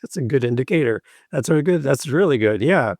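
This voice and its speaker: A man's voice: mid-range voice, animated, fairly quick, a little mellow, no room sound, clean studio sound. A man hosting a podcast who asks questions in an easygoing, encouraging way with loose, chatty phrasing. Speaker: podcast host. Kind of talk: casual interview chat.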